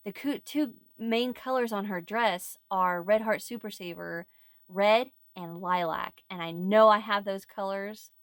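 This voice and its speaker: A woman's voice: mid-range voice, unhurried, clean tone, no room sound, studio quality. A woman chatting casually to camera as a crochet vlogger, rambling and laughing easily. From United States. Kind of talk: casual chat.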